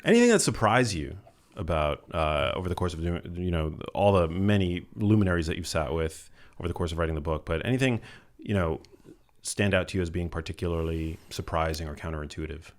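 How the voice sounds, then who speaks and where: A man hosting a podcast interview, asking questions in a relaxed, casual way. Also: low voice, fairly quick. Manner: relaxed, casual phrasing with short reactions. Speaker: podcast host.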